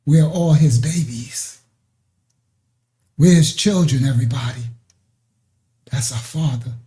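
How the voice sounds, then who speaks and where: A man's voice: medium pitch, a little slow, dark tone. A man hosting a ministry livestream, talking loosely while sharing his screen and then preaching in a repetitive, exhorting way. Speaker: ministry host.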